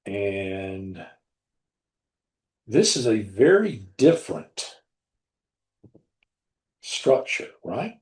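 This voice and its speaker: A man hosting a live trading room, talking through charts in a deliberate, blunt way and often repeating himself. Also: lowish voice, big pitch swings, a little mellow. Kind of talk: live market commentary over charts. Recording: roomy echo.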